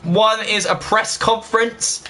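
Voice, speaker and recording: Young gaming host, high and bright, talks to viewers like mates, short-fused. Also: male voice, steady tone. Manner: chatty, talks straight to viewers, quick to get annoyed. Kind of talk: casual let's-play commentary.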